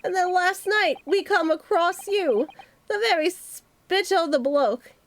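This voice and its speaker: A woman's voice: very high-pitched, slow pace, voice pushed up. A woman voicing a brash male thief, reading game dialogue aloud over faint music. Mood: swaggering. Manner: brash, slangy. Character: rough cockney male thief, swaggering.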